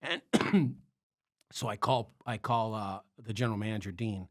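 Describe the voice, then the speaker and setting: A man's voice: fairly low pitch, unhurried, no room sound. Man telling a rowdy story, dry sound. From Chicago area, US. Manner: animated, acts out quoted voices, swears freely. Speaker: podcast guest, comedy club bartender. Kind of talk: casual storytelling chat.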